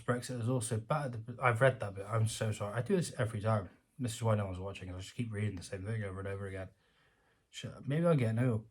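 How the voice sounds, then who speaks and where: British guy ranting over an article, husky throaty voice, sarcastic, keeps laughing and restarting. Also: on the low side. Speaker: commentator reading news aloud. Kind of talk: casual rant reacting to an article.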